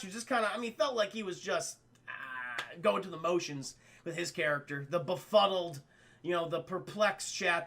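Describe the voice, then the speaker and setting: A man with a very bright, high voice and a gravelly edge talks his viewers through a film review. His chat is casual and animated, with free swearing and acted-out scenes. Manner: animated, swears freely, acts out scenes with exclamations. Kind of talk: casual spoiler review chat to a live stream audience.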